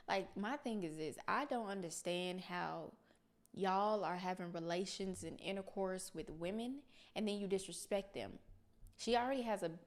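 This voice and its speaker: Earnest woman reacting to a clip. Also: fairly low pitch. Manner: earnest, speaks plainly to viewers. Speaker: reaction video host. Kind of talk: casual commentary.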